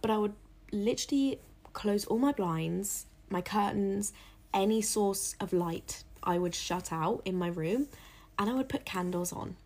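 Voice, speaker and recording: A woman's voice: mid-range voice, a little slow, a little mellow. A young woman, chatting casually to camera in a rambling, self-deprecating way, often dropping into whispered asides. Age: young adult. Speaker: vlogger.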